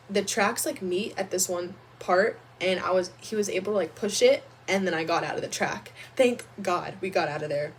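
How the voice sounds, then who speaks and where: A young woman vlogger telling a storytime about her own life in a chatty, animated way, full of "like". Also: medium pitch, moderate pace, hardly any pauses, slightly rough. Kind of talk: storytime vlog.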